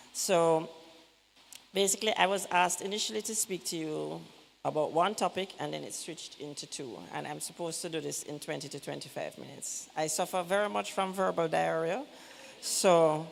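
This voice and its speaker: A woman in her fifties with a Jamaican accent, a pediatrician giving a fast, direct health talk with joking asides. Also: sits low, creaky, a little hiss or hum. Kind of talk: lively church health talk. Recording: church hall reverb, faint ambience.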